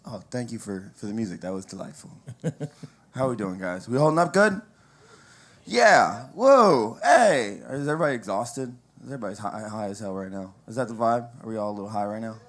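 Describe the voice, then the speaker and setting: A man's voice: on the low side, fast. A man opening a stand-up set, loosely teasing and questioning the crowd. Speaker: stand-up comedian.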